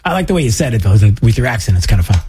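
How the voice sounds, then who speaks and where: A man's voice: lowish voice, very animated, very fast, noisy background. A male radio talk show host, chatting casually and sarcastically with many fillers.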